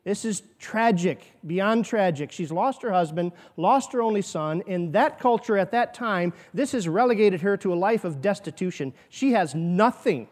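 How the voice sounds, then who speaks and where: A man's voice: sits high, animated, moderate pace, hardly any pauses. A man preaching a sermon as pastor, earnest, with rhetorical questions and quoted asides.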